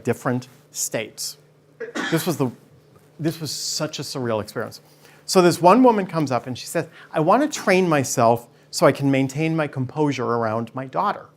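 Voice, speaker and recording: A man speaking as a guest before a studio audience, telling stories with energy and acting out the people in them. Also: medium pitch. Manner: energetic, acts out voices when telling stories. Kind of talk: animated storytelling talk.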